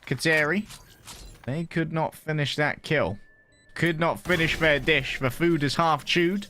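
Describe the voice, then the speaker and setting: A man casting an esports match with quick, playful play-by-play commentary. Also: on the high side, pushed and bright, slight background noise. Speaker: esports caster.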